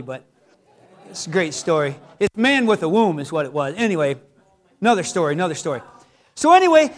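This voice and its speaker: A middle-aged man delivers a sermon with an unusually high voice. He talks in a loose, conversational way, cracking jokes and asking the congregation one rhetorical question after another. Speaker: pastor.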